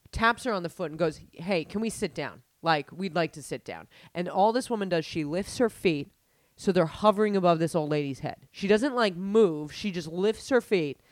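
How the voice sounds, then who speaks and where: A young woman telling a story in casual chat, animated and profane, with lots of fillers. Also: lowish voice, no echo.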